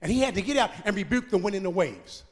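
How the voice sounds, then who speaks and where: High-voiced pastor preaching in a reverberant church. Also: male voice, expressive, fast talker. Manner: preaching with rising shouts and sung cadences, then quiet conversational asides. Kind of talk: sermon. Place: church sanctuary.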